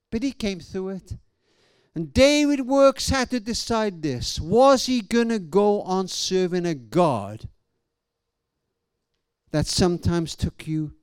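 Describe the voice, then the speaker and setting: Emphatic preacher telling a story. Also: male voice, high-pitched, a little mellow, clean tone, dry recording, studio quality. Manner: emphatic, dramatic storytelling with restarts. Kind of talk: sermon storytelling.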